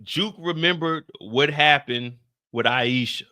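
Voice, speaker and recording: Bright, high-voiced man doing loud profane recap. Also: takes it slowly. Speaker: streamer recapping a TV episode. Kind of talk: animated reaction commentary.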